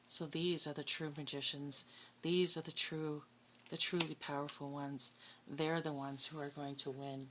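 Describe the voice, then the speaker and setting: A woman with a very low voice reads tarot in a blunt, profane, scornful way. Loud shuffling and crinkling of cards runs behind her voice. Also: flat delivery, unhurried, noisy background. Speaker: tarot reader. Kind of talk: casual tarot reading.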